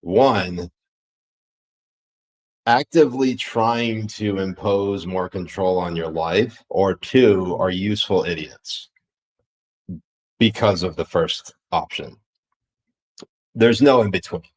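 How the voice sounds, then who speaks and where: Deep-voiced blunt, profane man. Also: slow, pauses often, low-quality recording. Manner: blunt and profane, calls co-host sir. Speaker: podcast co-host. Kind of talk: political podcast chat, reading viewer comments.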